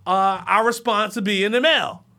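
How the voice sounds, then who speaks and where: A man's voice: sits high, moderate pace, creaky, bright, forceful tone, exaggerated voice. A man voicing a polite, awkward male interviewer who screens would-be parents.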